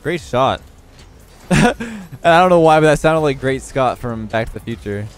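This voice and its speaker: Young man, sleepy, yawning, casual gameplay commentary, calm analytical tone, average pitch. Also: fast, clear, resonant tone, soft background music. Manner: relaxed, analytical, repeatedly yawning. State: sleepy, just woke up. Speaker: gaming YouTuber commentating his own match.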